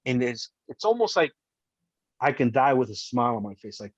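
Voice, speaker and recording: A man's voice: medium pitch, very animated, normal speed, dry recording. A man as a podcast guest, telling his survival story emphatically, acting out what people said and cursing now and then. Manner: emphatic, vivid, reenacts voices, swears. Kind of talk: emotional first-person storytelling. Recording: dry, slightly dull podcast audio.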